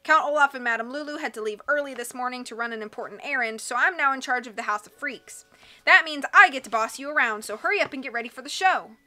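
A woman voicing a gruff, scornful hook-handed henchman who barks orders in a storybook reading. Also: sits high, quick pace, sharp tone. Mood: bossy. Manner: barking orders, sneering.

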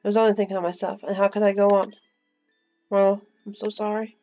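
A woman voicing a young former rival who speaks quietly and apologetically in a game's story scene. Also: medium pitch, level tone, fast talker, highs cut off, soft background music, lightly acted. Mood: remorseful.

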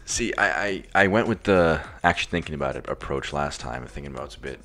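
A man's voice: extremely low pitch, lively intonation, quick pace, a bit bright, soft background music. An American man, a young adult, thinking aloud through quiz answers in casual, hesitant chat with many restarts. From United States. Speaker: quiz contestant.

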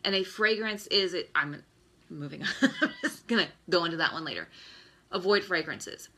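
A woman's voice: fairly low pitch, very animated, moderate pace, sharp tone. Exasperated woman ranting on a live stream. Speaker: host. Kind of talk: Facebook Live talk.

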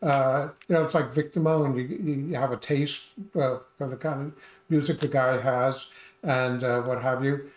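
A man's voice: mid-range voice, steady tone, moderate pace. An older man co-hosting a film review, chatty and hesitant with many uhs. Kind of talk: casual review chat. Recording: roomy echo.

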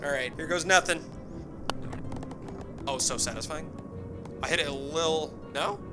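A young man giving excitable gameplay commentary, mocking himself and shouting when surprised. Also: on the high side, unhurried, music in the background. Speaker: gaming YouTuber.

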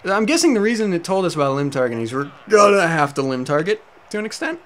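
Quick-paced and very animated, a young man with a high voice rambles over gameplay as a let's play host. He's at home with a cat, mocking himself and swearing often in casual commentary.

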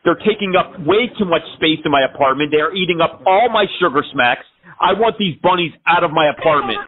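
A man's voice: on the high side, expressive, brisk. A man making an absurd prank phone call, rambling through exaggerated complaints. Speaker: scambaiter prank caller. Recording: tinny phone line.

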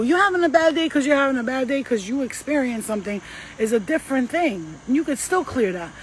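A woman's voice: high-pitched, fast, slight background noise, low-quality recording. Emphatic, profane woman giving spiritual advice. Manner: emphatic, profane, slangy and animated. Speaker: spiritual healer. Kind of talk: casual spiritual advice talk.

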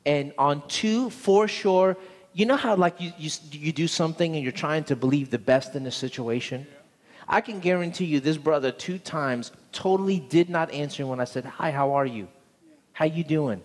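A man's voice: on the high side, normal speed, long reverb tail. A man pastor preaching a sermon, telling a story earnestly and often repeating words, in a church sanctuary.

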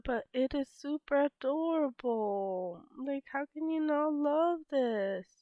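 A woman in her twenties with a sick, stuffy voice, chatting softly over gameplay and trailing into whispers. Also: sits high, animated, takes it slowly, no room sound. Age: 20s. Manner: soft-spoken, drifting into whispers. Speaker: gaming YouTuber. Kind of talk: casual gameplay commentary. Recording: slightly dull lo-fi mic.

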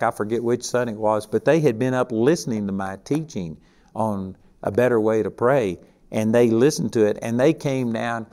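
A man's voice: medium pitch, darkish tone. An older man from Texas with a Texan accent, teaching a sermon in a folksy, conversational way with emphatic stresses. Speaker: Bible teacher.

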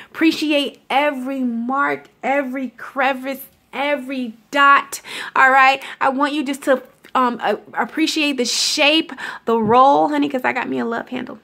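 A woman's voice: high voice, fairly bright tone. A young woman giving a casual, affectionate motivational talk to her viewers, calling them honey and laughing often. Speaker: self-love vlogger.

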